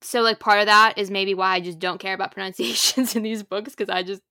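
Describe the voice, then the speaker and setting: Casting: Minnesotan-accented woman, podcast co-host, bright tone, dry close sound, filler-heavy casual chat. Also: medium pitch, steady tone, a little fast, dry recording. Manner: chatty, lots of "like" fillers.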